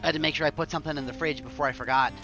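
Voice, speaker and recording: A man's voice: on the high side, steady tone, very fast. A man casually chatting and reading game text during a let's-play, over game music. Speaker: game streamer.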